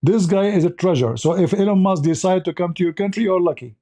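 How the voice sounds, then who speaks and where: A man's voice: sits high, quick pace, mellow. A man hosting a live commentary show, blunt and sarcastic, speaking in broken English grammar. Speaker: host.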